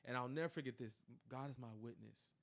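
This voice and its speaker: A young man telling a personal story in casual chat, animated and full of fillers, acting out quoted dialogue. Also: mid-range voice, fast talker, vocal fry. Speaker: podcast co-host telling his story.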